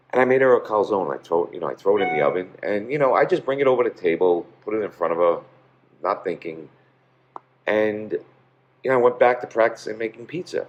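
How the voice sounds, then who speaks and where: A man's voice: low voice, lo-fi sound. A man, a pizzeria owner, telling stories in a casual interview, rambling with many fillers.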